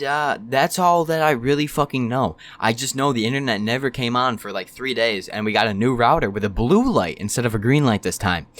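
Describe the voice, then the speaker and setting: A man's voice: medium pitch, no echo. A young man telling a casual storytime, rambling and swearing freely. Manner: profane, rambling and animated. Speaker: storytime YouTuber.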